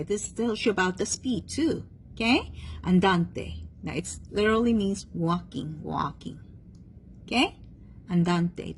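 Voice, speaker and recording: A woman's voice: medium pitch, slight background noise, poor audio. A woman teaching a one-on-one music theory lesson, patient and checking understanding often, having the student repeat terms after her.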